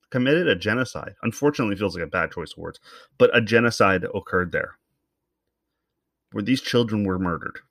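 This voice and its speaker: A man's voice: fairly low pitch, a bit bright, no room sound, studio quality. A man from Canada ranting to camera in a loose, profane, rambling way, thinking aloud as he talks. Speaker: commentator. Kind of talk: solo comedic rant to camera.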